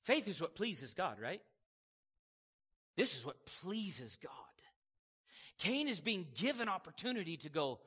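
A male preacher delivering an animated sermon, asking the congregation questions and acting out scripture voices. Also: high voice, unhurried, pauses often, breathy edge. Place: church hall. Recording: echoey hall reverb.

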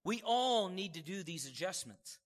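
A male preacher delivering an animated sermon, asking the congregation questions and acting out scripture voices. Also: sits high, moderate pace. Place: church hall. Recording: echoey hall reverb.

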